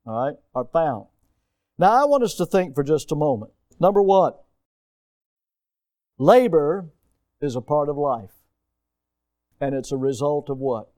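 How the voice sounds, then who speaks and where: Man, high-pitched, folksy preacher who keeps quizzing his congregation. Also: darkish tone. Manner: folksy, emphatic, asks the congregation questions. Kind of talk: sermon.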